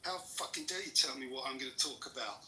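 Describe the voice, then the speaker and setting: A man's voice: medium pitch, fast talker, bright, forceful tone. A man in a heated political debate, furious and swearing constantly as he hurls insults, heard in a room with others. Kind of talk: angry profane rant. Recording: roomy echo, distant mic.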